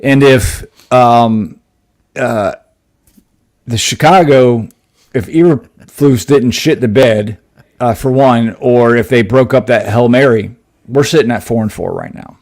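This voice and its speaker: A man's voice: mid-range voice, slow pace, a little mellow. Guy on a sports podcast, lots of uhs and restarts, making his case. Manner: hesitant, lots of fillers, builds an argument. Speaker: podcast co-host. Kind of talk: casual sports chat.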